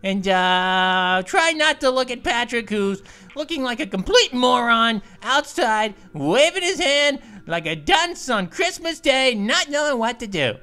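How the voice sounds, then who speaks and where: A woman's voice: on the high side, big pitch swings, measured pace, sharp tone, exaggerated voice. A woman voicing a goofy, hyper cartoon gaming host who stammers and giggles through comedic let's play commentary.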